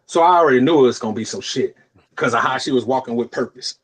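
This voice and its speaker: Husky and medium-pitched, this young man speaks at a quick pace while co-hosting a podcast. He tells a long story in crude, laid-back chat, animated and mimicking the other people's lines in their voices.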